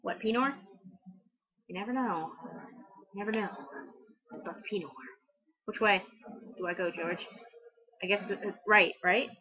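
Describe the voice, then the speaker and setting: A woman's voice: medium pitch, moderate pace, pauses often, crowd noise. A young woman livestreaming a game, chatting nervously, talking to her character and asking viewers which way to go. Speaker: livestreaming gamer. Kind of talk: live game commentary. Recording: dull lo-fi stream audio.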